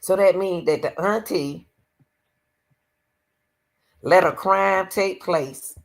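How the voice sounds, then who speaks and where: A woman's voice: fairly low pitch, slow pace, vocal fry, long pauses. A woman livestreaming reaction commentary on a court case, speaking emphatically to her viewers and often calling on the Lord. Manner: emphatic, exclaims to the Lord, talks to viewers as y'all.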